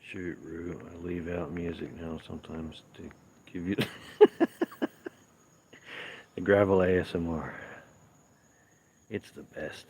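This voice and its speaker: Easygoing male livestream host, very low voice, rambling chat answering viewers, dull phone audio. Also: darkish tone. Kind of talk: casual live-stream chat, reading viewer comments. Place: outdoors at night on gravel.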